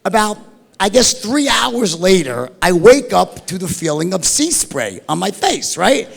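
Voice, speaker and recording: A middle-aged man telling a wild story in an animated, profane, rambling way, tossing in "right?" and "like" all the time. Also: sits high, measured pace, vocal fry. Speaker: storyteller guest. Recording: long hall reverb.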